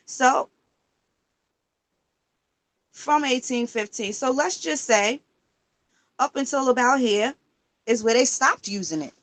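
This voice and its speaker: A woman livestreaming in casual talk, emphatic and profane, firing rhetorical questions while she searches records online. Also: mid-range voice. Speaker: livestream host.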